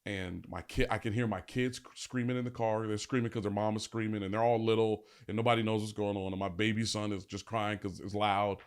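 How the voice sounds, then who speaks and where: A man with a fairly low voice talks straight into the podcast mic. He tells a personal story in a candid, emphatic style and drops casual slang along the way. It sounds like a podcast host speaking from the heart. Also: flat delivery, a little fast, few pauses, smooth. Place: podcast filming set.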